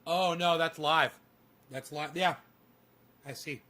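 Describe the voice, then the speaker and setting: A man's voice: on the high side, steady tone, slow, bright, forceful tone. Sing-song man chatting to his dog. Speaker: streamer. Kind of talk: casual livestream chat.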